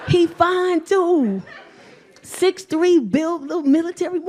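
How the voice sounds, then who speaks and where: Brash high-voiced woman doing stand-up. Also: animated, takes it slowly, darkish tone. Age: middle-aged. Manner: brash, profane storytelling with frequent laughter. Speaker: stand-up comedian. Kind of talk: stand-up comedy set. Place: comedy club stage before a live audience. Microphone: handheld stage mic.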